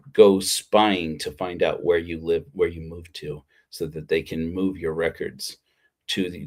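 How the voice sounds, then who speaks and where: Male pastor, lower voice, informal livestreamed sermon, meandering and sincere. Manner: rambling, heartfelt, with frequent restarts. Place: Utah.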